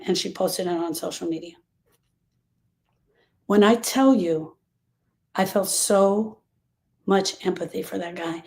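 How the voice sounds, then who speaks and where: A mellow, medium-pitched female voice hosts a podcast on grief. She delivers a heartfelt motivational talk by telling stories in an emphatic, conversational way, repeating phrases to give them weight.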